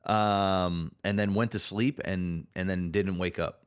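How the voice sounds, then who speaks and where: A man co-hosting a casual podcast, talking in a hesitant, halting way with many restarts. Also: deep voice, steady tone, clean tone. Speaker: podcast co-host.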